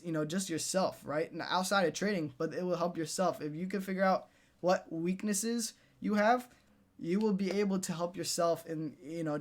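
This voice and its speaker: High-voiced young man giving a trading pep talk. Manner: repetitive, pep-talk, tags "right?" and "dude". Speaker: day trading coach. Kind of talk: casual motivational talk to viewers.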